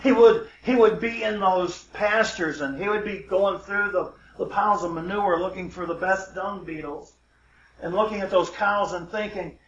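A man's voice: sits high, normal speed. A man telling a fable in a folksy, digressive way, wandering into amused asides. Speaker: storyteller. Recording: roomy, dull lo-fi recording.

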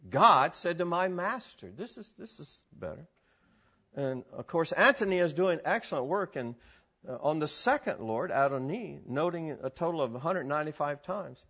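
A man teaching a live group about scripture in an animated, excitable way, laughing often and exclaiming. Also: fairly high pitch, husky. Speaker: Bible teacher.

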